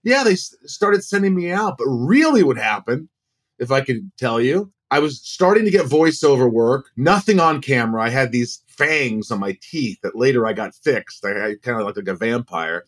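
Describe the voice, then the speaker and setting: A man in his forties, a guest actor, telling stories in a casual, animated way and acting out the voices he quotes. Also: mid-range voice, normal speed. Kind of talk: casual storytelling.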